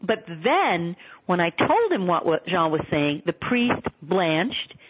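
A woman author telling stories in an earnest, animated way in a radio interview. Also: fairly low pitch, slow, slightly rough. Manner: earnest, animated storytelling with quoted dialogue. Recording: tinny phone line.

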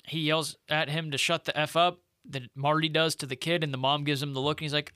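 Man co-host, blunt and chatty movie critic, bright forward tone, dry close mic. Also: fairly high pitch, little pitch movement, dry recording. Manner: blunt, quick asides, lots of "like". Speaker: podcast co-host. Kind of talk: casual movie review chat.

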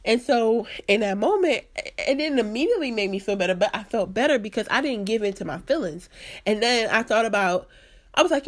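A woman's voice: fairly high pitch, lively intonation, fairly quick. Earnest woman sharing a faith reflection. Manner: earnest and conversational, laughs at herself. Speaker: podcast host. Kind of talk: faith-based personal reflection.

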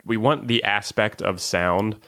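A man with a very deep voice chats eagerly about tech, agreeing and adding quick asides. His voice sounds close and dry. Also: gravelly, bright, forceful tone, no room sound. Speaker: podcast co-host. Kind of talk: casual tech chat.

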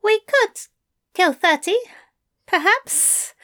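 A woman's voice: big pitch swings, slow, sharp tone, full character voice. A woman voicing a fussy, nervous male angel who stammers and frets. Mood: alarmed. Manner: stammering, high-strung.

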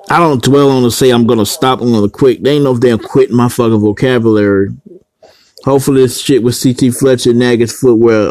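A man's voice: medium pitch, a little mellow, no room sound. A man in a rambling, profanity-heavy vlog rant, blunt and scattered, with casual dialect grammar. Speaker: vlogger.

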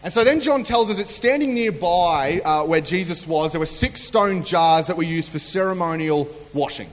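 A man's voice: on the high side, moderate pace. A man preaching a humorous sermon in a chatty storytelling way, acting out quotes. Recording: long hall reverb.

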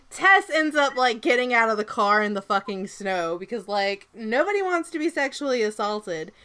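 A podcast co-host with a light Southern accent recaps a movie animatedly and swears a lot in this casual show. Her voice is fairly high-pitched, at a moderate pace.

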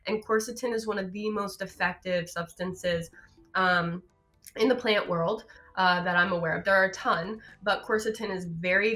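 Bright-voiced woman doctor explaining health. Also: on the low side. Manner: chatty and explanatory, laughs easily, many fillers. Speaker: naturopathic doctor guest. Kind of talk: casual health talk on a live show.

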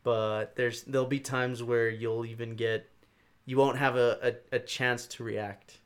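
A young man in casual chat, rambling through stories with lots of swearing, fillers and animated bursts. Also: medium pitch, unhurried. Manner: rambling, profane, animated storytelling.

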